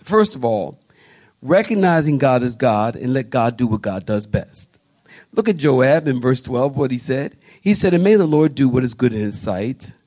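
A male pastor preaching a sermon in a church, acting out little quotes as he tells stories. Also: medium pitch. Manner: animated storytelling preacher, acts out quotes. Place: church sanctuary.

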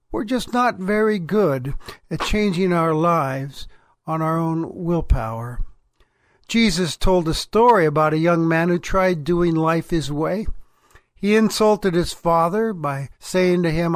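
A pastor speaking a devotional in a plain, confessional way. His voice sits high, and the recording is close and dry with no room sound. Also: normal speed, no room sound. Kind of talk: devotional sermon talk.

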